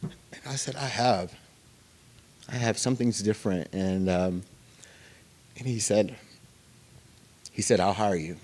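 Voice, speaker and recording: Man, lowish voice, rambling storytelling, recovery meeting speaker. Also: a little mellow. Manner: conversational storytelling, many fillers and pauses. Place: meeting room.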